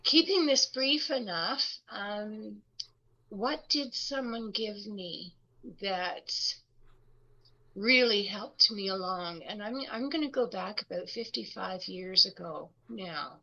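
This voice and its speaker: An older woman shares a personal story in a women's circle, in an unhurried and reflective way. Her voice is gravelly and a little breathy, with a bright edge. The recording sounds slightly muffled and lo-fi. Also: medium pitch. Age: older, about 70s. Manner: reflective, with many pauses and restarts. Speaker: guest speaker in a women's circle.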